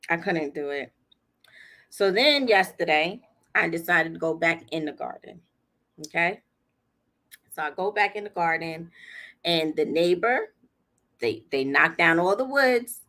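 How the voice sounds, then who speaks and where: A woman's voice: on the low side, a bit bright. A woman hosting a livestream, telling a story casually, laughing often and acting out what people said. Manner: chatty, laughs often, acts out quotes. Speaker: livestream host.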